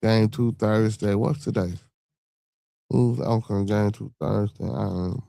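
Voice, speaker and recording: A man with a Chicago accent talks in a loose, profane live-stream chat, forever tossing in "you feel me." His voice sits very low, with a gravelly, fried edge and a dark, mellow tone. The sound is dry and close. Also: steady tone, takes it slowly, dry recording. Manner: loose, profane, repeats "you know what I'm saying". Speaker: podcast host.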